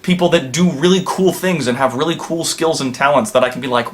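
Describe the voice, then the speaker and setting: A man's voice: on the high side, fairly quick. Casual man hosting as a supervillain. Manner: casual, rambling, with playful villain bravado. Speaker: vlog host in a supervillain persona. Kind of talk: in-character comedic vlog answering viewer questions.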